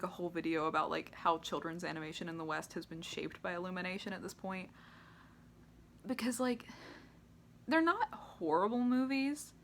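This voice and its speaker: A woman's voice: lowish voice, a bit bright. A young American woman giving a casual, sarcastic movie ranking commentary, laughing often and peppering her talk with "like". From United States. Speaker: movie reviewer.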